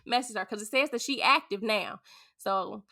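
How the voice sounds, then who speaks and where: A woman from St. Louis, a podcast guest and beauty business owner, telling a story in a chatty, animated way. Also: medium pitch, moderate pace, vocal fry. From St. Louis, USA. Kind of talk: casual storytelling.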